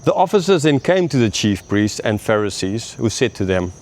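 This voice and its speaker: Animated male Bible teacher, lively pitch. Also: moderate pace. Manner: animated, acts out quoted speakers, frequent "right?". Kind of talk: casual verse-by-verse Bible commentary.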